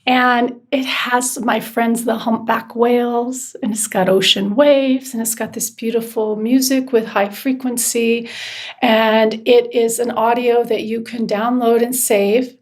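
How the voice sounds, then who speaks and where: Enthusiastic higher-voiced woman. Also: fairly even intonation, a little slow, a little mellow. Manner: enthusiastic, effusive. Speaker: meditation guide. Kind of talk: casual group video call chat.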